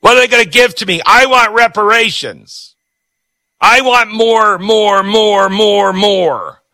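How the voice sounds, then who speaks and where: Host doing a shrill, whining, entitled caricature; sharp tone. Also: male voice, slow pace, no echo, full character voice. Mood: whiny demanding. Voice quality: high whining voice. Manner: mocking, exaggerated demands. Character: whiny greedy entitled adult, mocking caricature.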